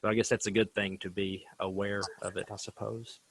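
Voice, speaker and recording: A man hosting a casual talk show, thoughtful and relaxed, often hedging his points. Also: on the low side, brisk, slightly rough. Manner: relaxed, reflective, many hedges. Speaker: host. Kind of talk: casual chat.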